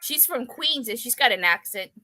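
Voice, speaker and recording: A woman's voice: a little high, expressive, normal speed, sharp tone. A woman co-hosting a casual live wrestling watch-along, chatting in an easygoing way. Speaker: co-host.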